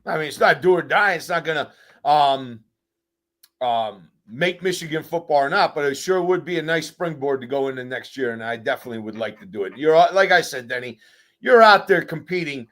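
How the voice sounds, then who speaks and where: Man, guest former player, slightly high voice, direct, emphatic. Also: animated, brisk, a bit bright. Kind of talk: casual sports talk.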